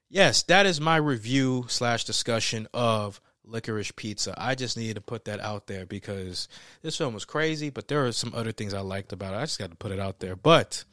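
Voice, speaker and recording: A young man giving a casual, animated spoken film review, emphatic and slangy, swearing freely. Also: mid-range voice, no echo, clean studio sound.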